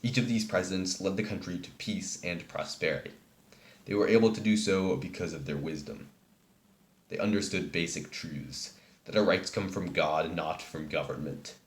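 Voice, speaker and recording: A man giving a read-aloud speech in a measured, formal manner. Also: low voice, echoey room. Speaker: speech giver.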